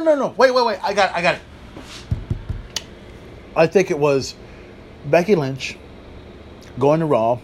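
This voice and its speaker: A man hosting a solo podcast, talking excitedly and casually, swearing freely and drifting into asides. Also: fairly high pitch. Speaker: podcast host. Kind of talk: solo wrestling podcast talk.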